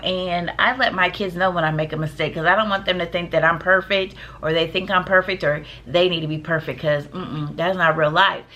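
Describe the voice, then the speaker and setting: A woman's voice: on the low side, sharp tone. A woman teacher giving casual, emphatic classroom advice, often calling her viewers "y'all.".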